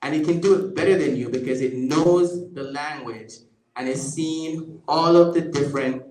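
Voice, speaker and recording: A man's voice: a little high, moderate pace, darkish tone. A man giving a conversational public lecture with a live demo, often checking in with the audience. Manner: conversational, keeps checking in with "right?". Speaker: guest lecturer. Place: event space at a museum. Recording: echoey lecture room.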